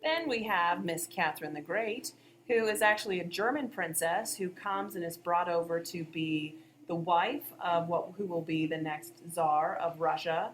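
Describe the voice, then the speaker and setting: A woman's voice: on the low side, moderate pace, a little hiss or hum. A woman co-hosting a history podcast, explaining events in a conversational way. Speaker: history teacher, podcast co-host. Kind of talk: educational podcast discussion.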